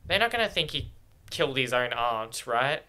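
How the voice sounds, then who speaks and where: A man's voice: medium pitch, sing-song, moderate pace, pushed and bright, slight background noise. A man thinking aloud as he watches a film for the first time, emotional and exclaiming. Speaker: movie reactor. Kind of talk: first-watch movie reaction commentary.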